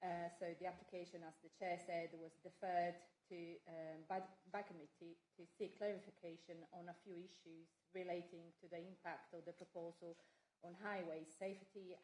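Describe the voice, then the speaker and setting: A woman's voice: lowish voice, darkish tone. A woman planning officer presenting a report to a council committee, hesitant and full of fillers. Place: council chamber. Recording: echoey council chamber.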